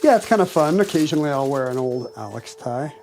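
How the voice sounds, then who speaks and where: A man's voice: fairly high pitch, animated, fast, a little mellow, a little hiss or hum. A man co-hosting a podcast in casual chat, with a dry, wry manner. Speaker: podcast co-host.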